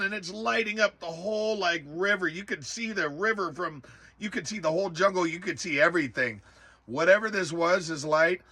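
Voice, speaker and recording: A man telling a personal story in a casual, animated way, exclaiming often and filling pauses with "uh" and "um". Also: sits high. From rural area. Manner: animated, exclaims in bursts, many fillers. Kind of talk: casual spoken recollection.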